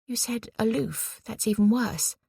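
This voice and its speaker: A weary young woman artist , voiced by a woman narrator, speaking in a soft, reserved, gentle tone. Her voice carries a husky, gravelly texture, recorded dry and close. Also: a little high, measured pace, dry recording, pitched above the performer's own voice, heavily acted.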